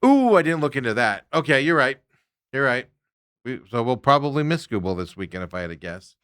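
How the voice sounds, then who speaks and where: A fired-up male sports show host whose pitch leaps all over as he rants. His voice is bright and sharp, sits fairly high, and sounds close and dry with no room around it. He is middle-aged and full of opinions. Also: brisk, smooth, no room sound. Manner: animated ranting, mocking impressions of players.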